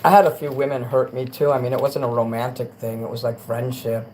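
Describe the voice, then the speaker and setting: A crude man hosts a late-night livestream, rambling a little fast and shifting from mutters to loud rants. His voice is mid-range with a steady tone, captured in low-quality audio with faint hiss underneath.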